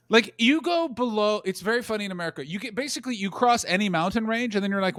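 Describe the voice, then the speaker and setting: A man co-hosting a comedy podcast, telling rambling, animated stories full of swearing and quoted voices. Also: high voice, fast talker, no room sound. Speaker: podcast co-host. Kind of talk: casual comedic chat.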